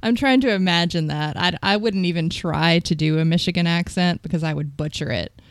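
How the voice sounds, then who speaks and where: A woman's voice: fairly low pitch, fairly quick, dry recording. A woman, co-hosting a podcast in chatty, self-deprecating casual talk. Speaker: podcast co-host. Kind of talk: casual chat.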